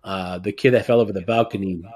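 A man's voice: low voice, fairly even intonation, quick pace, darkish tone, breathy edge. A man guest in a casual podcast, recounting events steadily with "uh" fillers.

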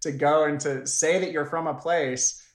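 A man's voice: on the high side, steady tone, normal speed. Thoughtful male filmmaker in a roomy space. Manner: thoughtful, many fillers and restarts. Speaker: documentary filmmaker. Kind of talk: conversational interview.

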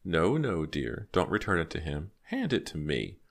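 A man reading aloud voices a frail, sly old woman with a slow, sweetly sharp drawl. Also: low voice, wildly swooping pitch, gravelly, exaggerated voice. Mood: sly, tart. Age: older.

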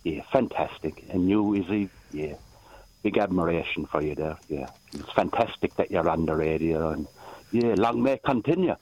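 A man's voice: sits low, moderate pace, a little mellow, breathy edge. An Irish man calling in to a radio show, talking in a rambling, easygoing way. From Ireland. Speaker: radio caller. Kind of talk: casual phone chat. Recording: lo-fi phone line.

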